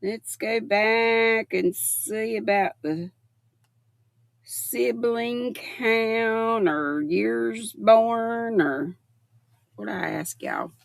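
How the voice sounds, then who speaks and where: Gravelly chatty woman in her sixties. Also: fairly high pitch, drawn-out words, no room sound. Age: 60s. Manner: chatty, affectionate, reads comments aloud. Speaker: livestream host. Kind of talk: casual chat reading viewer comments.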